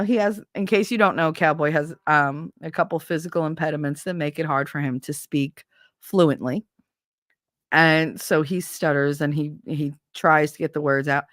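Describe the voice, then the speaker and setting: A woman's voice: deep voice, no room sound, studio quality. A woman hosting a livestream, talking casually with her chat, laughing often and swearing freely. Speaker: livestream host reading chat.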